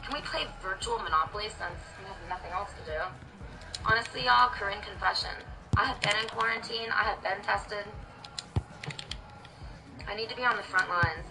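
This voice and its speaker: A woman's voice: mid-range voice, moderate pace, music in the background, poor audio. Dramatic rambling woman streamer. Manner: dramatic, scattered, theatrical. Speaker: livestreamer. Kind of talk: rambling livestream rant.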